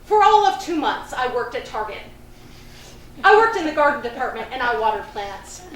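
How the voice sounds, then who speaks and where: A woman's voice: high voice, expressive, moderate pace. Woman performing a live stage monologue. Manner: chatty, confiding, laughing at her own stories. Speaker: solo performer. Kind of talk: live solo theatre monologue. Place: theatre stage before an audience. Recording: roomy, distant stage recording with faint noise.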